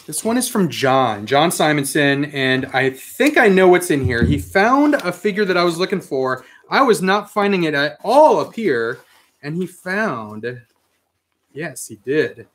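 A man hosting a casual live stream, reading out viewer comments with excitable, mildly profane chatter. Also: a little high, measured pace. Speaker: host of a live toy and comics stream.

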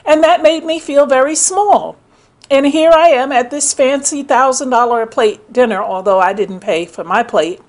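A woman's voice: fairly high pitch, normal speed. A middle-aged woman talking casually into the camera, telling stories and acting out the people in them. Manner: storytelling, animated, quotes others in voices. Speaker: commentator. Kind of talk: casual spoken commentary.

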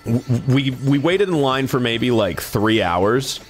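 A man's voice: medium pitch, expressive, takes it slowly, faint music behind. A man on a live stream telling a long story in a casual way, swearing a lot and acting out the people he quotes.

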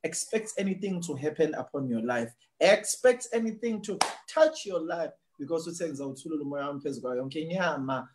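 Man, South African accent, pastor, exuberant, preacherly, fairly high voice. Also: animated, fairly quick, hardly any pauses, noisy background. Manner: exuberant, laughing often, preacherly. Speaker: pastor hosting a prophetic service. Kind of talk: lively church broadcast, mixing English and Zulu.

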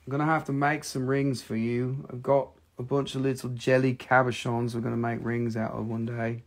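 Man, mid-pitch, fry-heavy, casual profane live-sales host, tired scratchy voice. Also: normal speed. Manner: chatty, profane, excitable salesman talk. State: voice getting scratchy from hours of talking. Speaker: host selling rocks and gems on a live stream.

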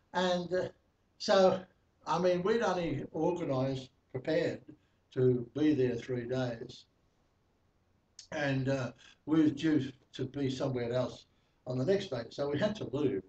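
A male preacher gives a chatty testimony, full of fillers and small laughs, in a slightly high voice. He sounds distant in a reverberant room, and the recording is muffled with faint noise underneath. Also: darkish tone. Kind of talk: testimony sermon. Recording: echoey, distant, dull, slightly noisy.

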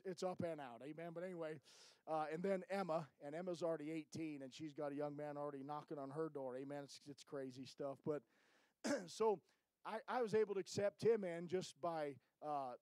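A man's voice: high voice, warm tone, dry recording, rough recording. A middle-aged man, a missionary church planter, giving a folksy, informal report to a church and often tagging his lines with "amen?".

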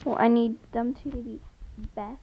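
A woman's voice: high voice, lively intonation, slow pace, vocal fry, highs cut off, very noisy. A woman giving casual, rambling commentary while playing a life-simulation game, talking to herself and to her viewers. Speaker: gameplay video host.

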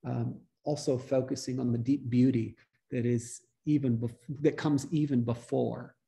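Gravelly, mellow-voiced priest teaching. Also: male voice, medium pitch, moderate pace. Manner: relaxed, conversational, with frequent restarts. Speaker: priest leading a study group. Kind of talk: informal teaching talk. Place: church meeting room.

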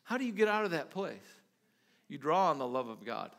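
Bright-voiced man preaching casually. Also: a little high, very animated, a little fast, creaky. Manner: conversational, many restarts, rising to emphatic bursts. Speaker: pastor. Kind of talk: sermon.

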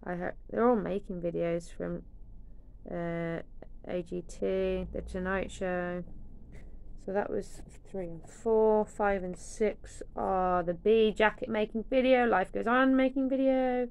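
A woman's voice: fairly low pitch, fairly even intonation, slow, gravelly, darkish tone, slight background noise. A young woman chatting casually through an unboxing, swearing now and then and dropping into whispers. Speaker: vlogger.

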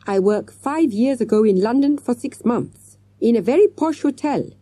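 A woman voicing an excitable, fussy French male hotel manager who is eager to please, in a storybook reading. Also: a little high, moderate pace, husky, no room sound, voice pushed up. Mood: effusive. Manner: effusive, flustered, eager to please.

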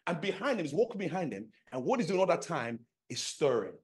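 Animated middle-aged male preacher. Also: fairly high pitch, fairly quick. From London. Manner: animated storytelling, acts out dialogue, many fillers. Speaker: pastor. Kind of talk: sermon with personal story.

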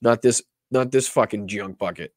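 A man's voice: on the low side, moderate pace, a little mellow, no echo. A man hosting a political livestream, talking casually with a lot of profanity and rambling restarts. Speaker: political talk show host.

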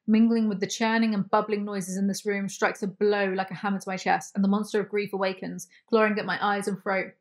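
A woman's voice: medium pitch, fairly bright tone. A young woman with a British accent reads a novel aloud and tears it apart with sarcastic asides. Her voice sits in a middle register. She swears freely and slips into mock voices for laughs. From United Kingdom. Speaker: book review YouTuber. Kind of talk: comedic book recap, reading aloud.

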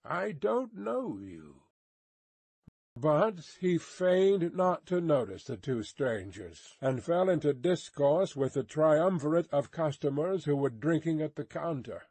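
Male narrator, unhurried and deliberate, dry close recording. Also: a little high, expressive, dark tone, no room sound. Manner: slow, careful reading. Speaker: audiobook narrator. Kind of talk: scripted narration of a classic novel.

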